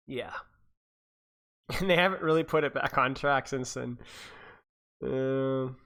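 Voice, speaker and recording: A man's voice: mid-range voice, a bit bright. A man and esports coach chatting casually on a livestream, rambling, repeating himself and laughing to his viewers. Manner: talks to chat viewers.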